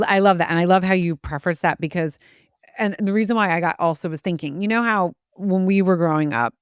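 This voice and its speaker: A woman's voice: lowish voice, smooth, dry recording, clean studio sound. A woman in her forties hosting a podcast, telling stories in a chatty way and acting out quotes with a laugh. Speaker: podcast host. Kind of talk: casual conversation.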